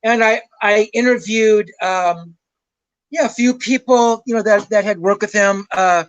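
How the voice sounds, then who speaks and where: An older man with a high-pitched voice tells stories as a guest on a show. He rambles, swears casually and chuckles at his own tales. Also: unhurried, highs cut off. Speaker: rock journalist guest. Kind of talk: casual anecdotal storytelling.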